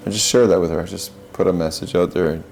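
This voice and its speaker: Deep-voiced man giving earnest spiritual talk. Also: fairly even intonation, fast talker, gravelly, a little mellow, slight background noise, poor audio. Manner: earnest, searching, repeats and restarts phrases. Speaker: podcast host.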